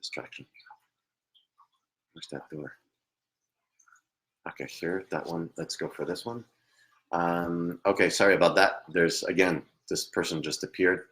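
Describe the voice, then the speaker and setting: This male psychic medium, doing a live online reading from his home computer, has a low-pitched, fairly bright voice with a steady tone and normal speed. He's hesitant and apologetic, often laughing and trailing off into murmurs.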